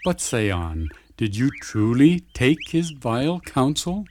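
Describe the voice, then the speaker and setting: Guy doing a serious old-timey gatekeeper in a radio play, solemn and slow in formal speech, faint hiss behind. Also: mid-range voice, sing-song, a little mellow. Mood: grave. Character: Goodwill, a grave, kindly gatekeeper man. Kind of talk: radio drama acting in archaic English.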